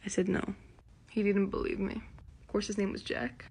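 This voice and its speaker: A woman's voice: mid-range voice, level tone, normal speed, creaky, a little mellow, husky. A woman from Anatolia telling a casual story about college life. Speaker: TikTok storyteller.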